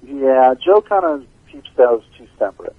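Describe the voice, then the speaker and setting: A man giving a casual interview as a band's bassist, telling stories with a laid-back manner and frequent laughs. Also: animated, moderate pace, crowd noise. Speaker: band bassist, interview guest. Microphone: phone line. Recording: dull lo-fi phone call.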